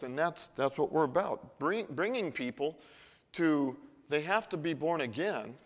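A pastor delivers his sermon with animated emphasis, swinging between loud, excited lines and quiet, intimate ones. His voice sits a little high for a man, and he often restarts and repeats words. The long reverb of the church hall trails after each phrase. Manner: animated, emphatic preaching with rising and falling intensity.

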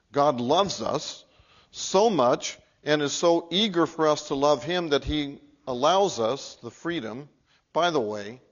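A man preaching a Sunday sermon, his fairly high voice coming through a muffled, lo-fi recording. He talks earnestly and swings between emphatic, raised points and low, hushed appeals to the congregation. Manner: earnest, building to emphatic peaks then dropping low and quiet. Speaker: pastor. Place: church sanctuary.

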